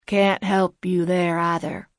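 A woman voicing a wizened, guarded old man who answers in gruff, hoarse, terse lines. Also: fairly low pitch, flat delivery, no echo, clean studio sound. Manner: terse, evasive, slow replies.

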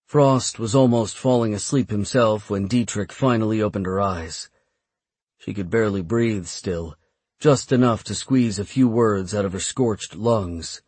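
A man narrating an audiobook in a steady, measured reading. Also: fairly low pitch, breathy edge, no room sound. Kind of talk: scripted narration.

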